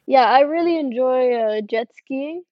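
A young woman with a fairly high voice answers a remote interview in a friendly, halting way, full of fillers and quick laughs. The sound is dry and dull, like a lo-fi video call with no room around her. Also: no room sound. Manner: friendly, hesitant with many fillers, laughs often. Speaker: karting driver guest.

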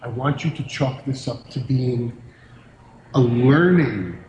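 A man's voice: medium pitch, slow pace, echoey room, a little hiss or hum, close to an everyday voice, rough recording. A man playing a smug, taunting wrestling manager. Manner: taunting, hushing. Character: smug gloating male manager, threatening. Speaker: wrestling personality. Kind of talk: scripted TV wrestling segment.

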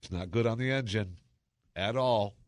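A low-pitched man rambles through a talk-show monologue with a chatty, sarcastic edge. His voice sits in a dry, close space with no room sound around it, and he peppers his talk with exclamations and wry asides. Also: normal speed, dry recording. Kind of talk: casual monologue.

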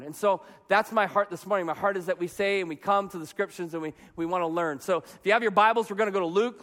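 A man in his thirties delivers a sermon, his voice sitting notably high. He tells animated, self-mocking stories, and the church hall around him trails off in a long reverb. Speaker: pastor.

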